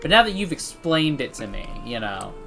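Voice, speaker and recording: A man's voice: on the high side, very animated, normal speed, sharp tone, faint music behind. A young man co-hosting a casual gaming chat in a laid-back, dry manner, swearing casually. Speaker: co-host, gamer.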